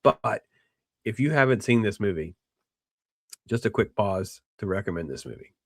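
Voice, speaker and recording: A man hosting a casual film discussion, rambling with restarts and animated quoting of characters. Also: on the low side, moderate pace, no room sound, clean studio sound. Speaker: podcast host.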